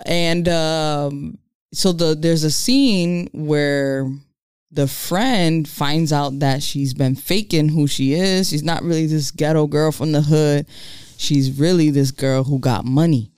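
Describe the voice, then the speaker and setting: A podcast co-host in casual chat, telling stories with animated delivery and free swearing. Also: mid-range voice, slow pace, clear, resonant tone, dry recording, clean studio sound. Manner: animated storyteller, swears freely.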